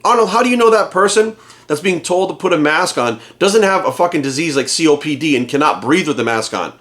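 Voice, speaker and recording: A fired-up man rants straight to camera, swearing freely and firing off rhetorical questions. His voice sits a bit higher than most men's. He talks as a fitness coach hosting his own channel. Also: expressive, brisk, a bit bright. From United States. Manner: heated, profane, rhetorical questions. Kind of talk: angry rant to camera.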